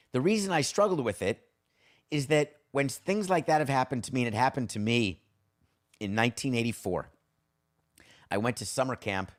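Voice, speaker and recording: A man's voice: lowish voice, fairly bright tone. A middle-aged man hosting a sports podcast, talking in a blunt, wry, conversational way. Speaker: podcast host. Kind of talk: casual sports talk monologue.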